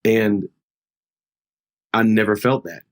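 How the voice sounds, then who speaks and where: A man's voice: on the low side, slow pace. A middle-aged man, a pastor, telling a personal story in an earnest, conversational way during a podcast interview.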